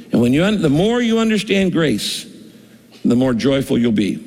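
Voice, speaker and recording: Gravelly-voiced man preaching in a hall. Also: a little high, darkish tone. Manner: conversational preaching, acts out quoted voices. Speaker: pastor. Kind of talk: sermon.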